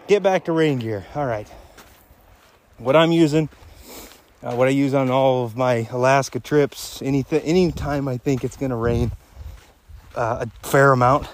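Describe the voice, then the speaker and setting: A man's voice: medium pitch, a little mellow, a little hiss or hum. Crude, rambling podcast man walking outdoors. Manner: crude, profane, joking and rambling. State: a little out of breath from walking uphill. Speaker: podcast host. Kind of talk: casual rambling podcast chat. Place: outdoors on a hunting trip.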